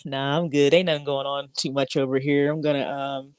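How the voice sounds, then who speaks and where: A woman's voice: very deep voice, flat delivery, a little fast, a little mellow, clear, resonant tone, no echo. A woman who runs a podcast, chatting and giggling as a guest on a live stream. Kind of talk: casual live chat.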